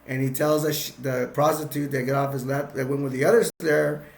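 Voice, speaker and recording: A man's voice: medium pitch, fairly even intonation, a little fast, vocal fry. A man casually recapping a film scene by scene, rambling, restarting his sentences and chuckling as he goes. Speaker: film reviewer. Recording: roomy echo.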